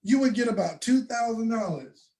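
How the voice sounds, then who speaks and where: Emphatic man pitching to a crowd. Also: expressive. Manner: emphatic, preacher-like, with bursts of shouting and slow stressed phrases. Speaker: presenter. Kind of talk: motivational sales talk to an audience.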